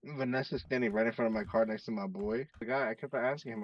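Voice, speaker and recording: A man telling a story in casual chat, animated and acting out the quoted lines. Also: medium pitch, quick pace, no room sound, far from the mic, dull audio. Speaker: storyteller among friends.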